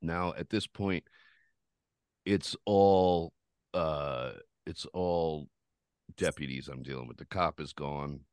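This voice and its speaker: A man's voice: rumbling low, slow, long pauses, clean tone, no room sound. A man hosting a podcast, telling a rambling, profane story in casual chat. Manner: profane, rambling, animated retelling. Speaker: podcast host.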